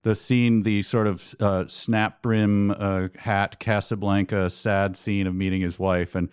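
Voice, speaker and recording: A low-voiced man co-hosts a casual podcast with wry disbelief. He stops and restarts his sentences a lot. The sound is dry and close. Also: level tone, unhurried, a little mellow, clear, resonant tone, no echo. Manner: wry and incredulous, trails off in restarts. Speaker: podcast co-host. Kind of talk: casual podcast chat about a book.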